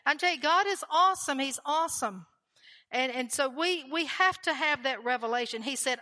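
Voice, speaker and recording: A woman's voice: high-pitched, expressive, brisk, sharp tone, in a large hall. A woman preaching a sermon with fervent emphasis, repeating key lines and asking the listeners questions.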